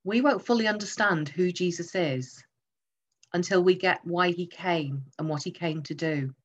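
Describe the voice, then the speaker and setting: A woman's voice: fairly low pitch, measured pace, highs cut off. A woman preaching a sermon, emphatic and teaching through rhetorical questions.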